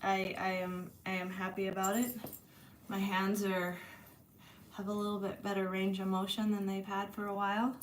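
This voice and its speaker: A woman's voice: mid-range voice, monotone, normal speed, slight background noise. A woman chatting casually to her viewers from her room, blunt and swearing freely, sore after a massage. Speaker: channel host.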